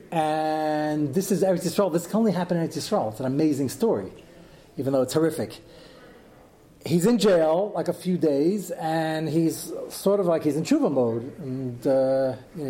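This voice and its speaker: Lively man teaching a Torah class. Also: on the high side. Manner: animated, peppered with Hebrew and Yiddish terms.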